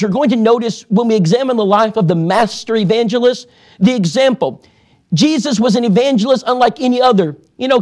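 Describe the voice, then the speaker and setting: A man preaching a sermon-style lesson on evangelism, earnest and measured, reading scripture passages aloud. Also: high voice, darkish tone.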